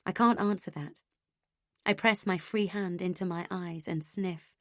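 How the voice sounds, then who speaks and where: A woman reading a first-person audiobook in an expressive, emotionally engaged way. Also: lowish voice, normal speed, no room sound, clean studio sound. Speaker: audiobook narrator.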